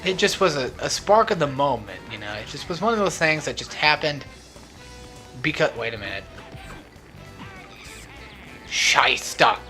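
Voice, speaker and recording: Young man, let's play commentary, rambling, jokey, bright and tense tone, very lively pitch, faint game music behind. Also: brisk. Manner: rambling, drifts off topic; joking, laughs often. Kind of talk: casual gaming commentary. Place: at home, not alone.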